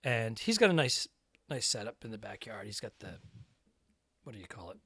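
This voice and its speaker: A man co-hosting a comedy podcast, talking casually in a hesitant, halting way. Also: lowish voice, sing-song, a bit bright, breathy edge, no echo, studio quality. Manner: hesitant, halting, many fillers. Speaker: podcast co-host.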